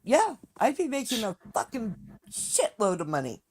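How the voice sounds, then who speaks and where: A woman's voice: a little high, huge pitch swings, moderate pace, darkish tone, breathy edge. A woman streaming live, talking bluntly and with heavy profanity as she rants straight to her viewers. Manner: fired-up ranting to viewers. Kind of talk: casual live-stream chat.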